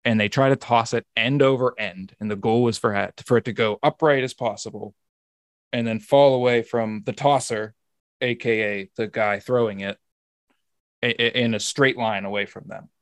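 A man's voice: mid-range voice, fairly even intonation, normal speed, dry recording. A man hosting a podcast in casual chat, rambling and often restarting his sentences. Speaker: podcast host.

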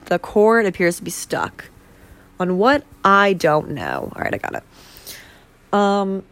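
A woman's voice: mid-range voice, wildly swooping pitch, slow pace, creaky, a bit bright. A young woman hosting a casual solo podcast, rambling and bubbly, full of fillers and self-corrections. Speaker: podcast host.

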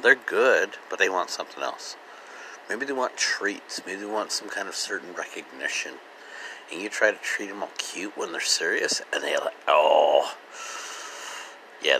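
Brief: chatty male host, gravelly and bright-toned, laughs through his stories. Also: low-pitched, slight background noise, rough recording. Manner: laughs often, chatty, animated storytelling. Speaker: podcast host. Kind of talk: casual monologue.

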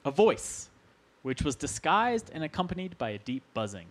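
A man hosting a casual podcast, relaxed and joking as he reads from his notes. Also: fairly high pitch, normal speed. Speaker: podcast host.

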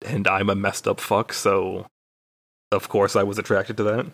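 A man's voice: lowish voice, level tone, normal speed, fairly bright tone, no room sound. A young man from Texas, a podcast co-host, telling a rambling, profane, self-deprecating story in casual chat.

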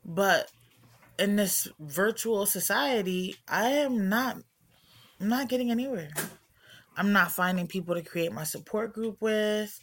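A middle-aged woman with a medium-pitched, slightly bright voice speaks at a measured pace. Hosting her own podcast from home, she talks casually and candidly, rambling and reflecting on herself.

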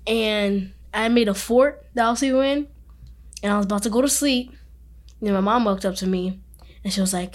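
A young woman co-hosting a casual podcast with an ordinary mid-range voice. She tells her stories in a relaxed, matter-of-fact way, talking easily with a friend. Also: medium pitch, a little fast. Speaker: podcast co-host. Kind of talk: casual chat.

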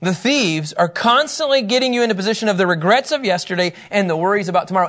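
A man with a notably high voice preaches a sermon. He teaches with emphatic, animated delivery and acts out the quotes he reads. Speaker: pastor.

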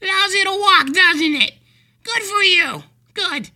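Guy doing a super high syrupy lady voice, talks down to people, real slow and sweet. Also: animated, bright, forceful tone, exaggerated voice. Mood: gushing. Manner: overly sweet, slow, patronizing exclamations. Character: gushing condescending woman stranger, sugary falsetto.

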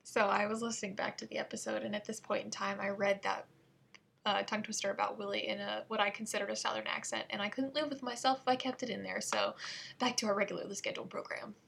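A woman's voice: mid-range voice, creaky, sharp tone, breathy edge. A woman hosting a casual solo podcast, playful and self-mocking, prone to giggling as she talks. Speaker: podcast host.

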